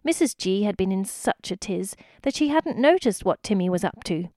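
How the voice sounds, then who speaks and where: A woman's voice: mid-range voice, moderate pace, no echo. Woman reading a children's story. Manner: expressive, lively storytelling. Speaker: narrator.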